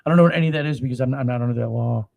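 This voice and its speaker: A man preaching, who reads scripture slowly and solemnly, then breaks into crude, swearing commentary with loud outbursts. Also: mid-range voice, vocal fry, narrow, tinny audio. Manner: profane, swings between slow solemn reading and loud outbursts.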